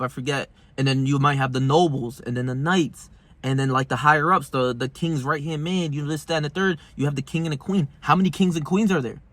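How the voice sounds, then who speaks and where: Young male self-help vlogger, husky, fairly high voice, dry close sound, brash and profane. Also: fairly bright tone, no echo. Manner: brash, slangy, heated, profane. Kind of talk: casual monologue to camera.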